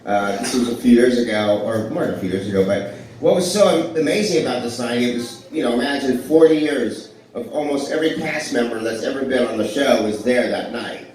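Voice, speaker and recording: A man's voice: mid-range voice, a little fast, a little mellow. A man in his forties doing live stand-up in a club, telling rambling, self-deprecating stories and riffing with the crowd. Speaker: stand-up comedian. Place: blues club stage with a live audience. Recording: echoey club heard from far off.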